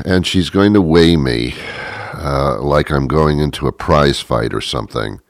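A middle-aged man delivering a rambling, deadpan, self-mocking comic monologue. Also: very deep voice, a little slow, creaky, no room sound, clean studio sound.

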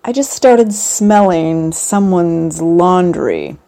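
A woman's voice: fairly low pitch, takes it slowly, dark tone, no room sound, low-quality recording. A woman hosting a podcast, talking in a chatty, wry and rambling way. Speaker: podcast host. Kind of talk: casual solo podcast chat.

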